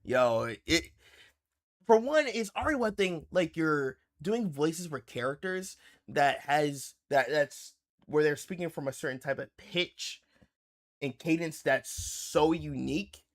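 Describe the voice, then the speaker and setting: A man hosting a reaction livestream, chatting casually in a rambling, halting way with many restarts. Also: fairly high pitch, animated. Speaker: livestream host. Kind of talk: casual reaction stream chat.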